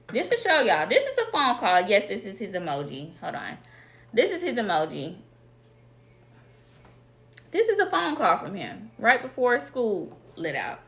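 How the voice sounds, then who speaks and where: A woman's voice: a little high, fairly bright tone. A woman telling a casual storytime vlog, blunt and profane, talking straight to her viewers. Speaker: vlogger.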